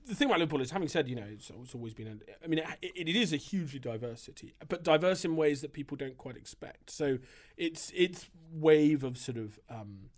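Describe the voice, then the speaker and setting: A man's voice: a little high, animated, a little fast. A man who is a priest and writer, answering interview questions in a thoughtful, discursive way, with frequent hesitations and restarts. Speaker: priest and writer, podcast guest.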